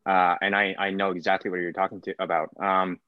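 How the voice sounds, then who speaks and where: A man's voice: low-pitched, little pitch movement, fairly quick, no room sound. A man, an actor, talking casually in an interview, rambling with many fillers. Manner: rambling, full of fillers like "like" and "whatnot". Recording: dull, lo-fi sound.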